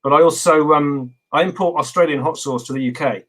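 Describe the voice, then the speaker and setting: A man's voice: on the high side, a little fast, low-quality recording. Rambling man, interview guest. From England. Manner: relaxed, rambling, many fillers. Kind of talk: casual video interview.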